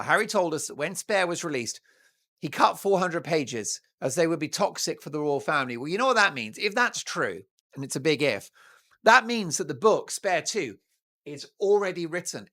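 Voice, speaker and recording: A man hosting his own talk show, talking straight to his viewers in a jokey, animated monologue. His pitch swings widely as he riffs, teases and drifts into playful asides. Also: fairly quick. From United Kingdom. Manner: playful, jokey, breaks into mock Italian and snatches of song.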